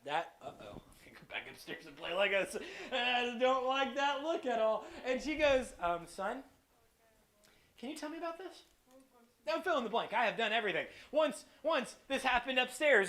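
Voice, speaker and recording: A man giving a lively children's church sermon, telling stories and acting out voices. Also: high voice. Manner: animated storyteller, acts out voices. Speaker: kids church preacher.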